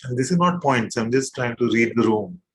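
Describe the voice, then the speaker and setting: A man leading a satsang as spiritual teacher, probing his listeners with repeated questions in a gentle, playful way. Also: mid-range voice, lively intonation, a little fast, low-quality recording. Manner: gentle and playful, with soft laughs. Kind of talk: satsang teaching to a live group.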